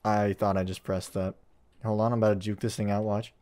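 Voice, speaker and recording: A man's voice: on the low side, flat delivery, brisk. A young man playing a horror game, swearing, yelping and laughing nervously as he goes. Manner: jumpy, loud swearing, yelps and nervous laughter. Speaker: gamer.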